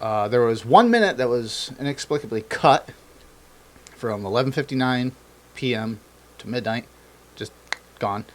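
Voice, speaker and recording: Male podcast co-host, casual and profane, mid-pitched, lively delivery with mimicked quotes. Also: normal speed, pauses often, slight background noise. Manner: animated, swearing, acts out quoted politicians. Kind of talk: casual political chat.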